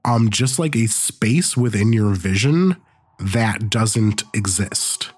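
A laid-back man running a tabletop game, describing scenes in a relaxed way with lots of fillers. His voice sits on the low side. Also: takes it slowly, husky. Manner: relaxed, loose, many fillers. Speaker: game master.

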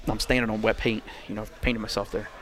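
A man's voice: fairly low pitch, little pitch movement, quick pace, a crowd in the background. Profane rambling man in his forties. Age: 40s. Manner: profane, rambling storyteller who laughs at his own story. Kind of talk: casual chat.

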